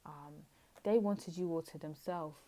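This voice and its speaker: A young woman giving a casual tarot reading, chatty and blunt with animated asides. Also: deep voice, a little slow. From United Kingdom. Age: young adult. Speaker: tarot reader.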